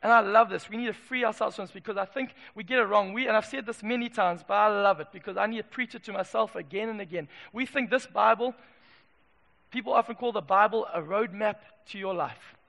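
A man preaches in a church with a high, gravelly voice. His delivery lurches from loud emphatic declarations to hushed asides. His voice rings with a bright edge and carries long hall reverb. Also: brisk. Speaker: pastor. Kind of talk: sermon.

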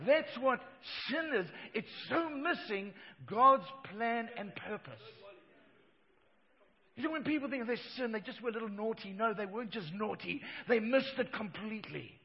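A middle-aged man preaching a sermon, swinging between loud emphatic lines and hushed ones. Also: high-pitched, animated, normal speed, vocal fry. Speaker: pastor. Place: church hall. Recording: dull church hall reverb.

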